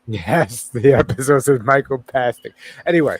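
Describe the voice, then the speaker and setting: A man's voice: medium pitch, moderate pace, dry recording. A man co-hosting a casual podcast, chatting loosely, swearing casually and restarting his sentences. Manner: rambling, self-correcting, swears casually. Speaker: podcast co-host. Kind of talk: casual chat.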